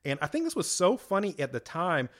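A man's voice: high voice, wildly swooping pitch, a little fast, fairly bright tone. A man in his thirties co-hosting a casual chat, explaining his thoughts with lots of hedges and fillers. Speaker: podcast co-host.

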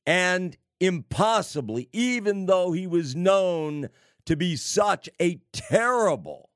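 A man preaching on prophecy, slow and emphatic, with sarcastic asides and wry laughs. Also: high-pitched, big pitch swings, dry recording, clean studio sound. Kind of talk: prophecy sermon.

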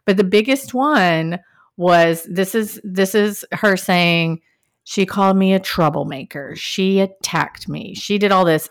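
A woman co-hosting a podcast in casual chat, recapping a reality show and acting out what people said with big jumps in pitch. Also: unhurried. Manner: animated, acts out quotes with big pitch jumps. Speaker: podcast co-host.

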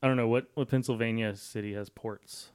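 A man's voice: mid-range voice, steady tone, brisk, clear, resonant tone. A man co-hosting a casual podcast, riffing jokily on news stories. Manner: jokey, tosses off silly voices and riffs. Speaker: podcast co-host.

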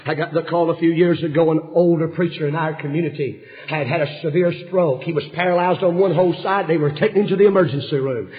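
A man preaching a revival sermon, telling stories with passion and swinging from hushed tones to shouting. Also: fairly high pitch, fast talker. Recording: dull lo-fi sermon recording.

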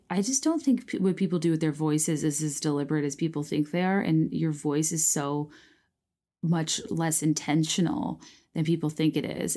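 A woman in her thirties chatting casually as a podcast host, rambling with lots of fillers, restarts and "like", with a touch of vocal fry. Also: low-pitched, warm tone. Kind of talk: casual chat, reacting to listener prompts.

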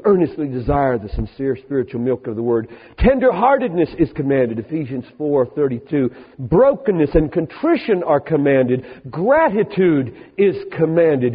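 An older man preaching a sermon as a pastor, emphatic, moving from soft asides to rising peaks. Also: a little high, husky. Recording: hall reverb on a thin, phone-like band.

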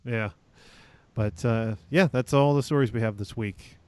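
A man's voice: mid-range voice, a little slow, clear, resonant tone, dry recording. A man co-hosting a casual podcast, talking hesitantly with many fillers. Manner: hesitant, lots of fillers, laughs along. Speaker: podcast co-host. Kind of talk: casual chat.

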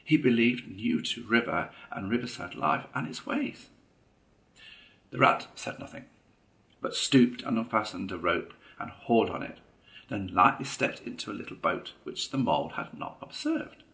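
A man reading a classic children's story aloud in a measured, expressive way. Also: lowish voice, gravelly. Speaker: narrator.

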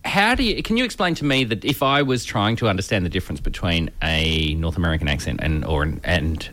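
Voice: low voice, fairly quick, no room sound. A radio co-host asking eager questions in a casual chat. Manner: eager questioner, animated reactions.

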